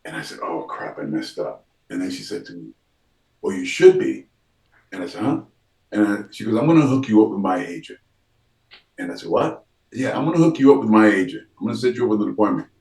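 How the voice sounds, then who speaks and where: A man with a low-pitched voice tells a lively story in a casual interview, playing out the lines of the people he met. His voice sits in a roomy, echoing space. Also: fast talker, gravelly, pauses often, distant mic. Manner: animated storyteller, acts out quoted dialogue, frequent restarts. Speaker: actor, interview guest.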